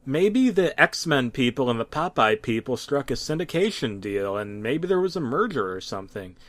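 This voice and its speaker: A man narrating a mock-serious horror story with a dramatic, deadpan delivery and occasional restarts. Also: mid-range voice, normal speed, dry recording. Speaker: creepypasta narrator.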